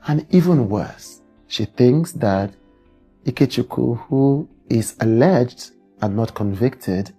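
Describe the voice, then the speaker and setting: Very deep, dark-voiced woman narrating. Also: animated, takes it slowly, breathy edge, faint music behind. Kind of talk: news-style narration.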